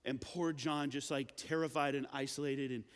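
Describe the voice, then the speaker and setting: A young man giving a youth sermon, telling a story casually with lots of fillers and animated asides. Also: mid-range voice, normal speed, clean tone. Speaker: youth pastor. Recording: long reverb of a large hall.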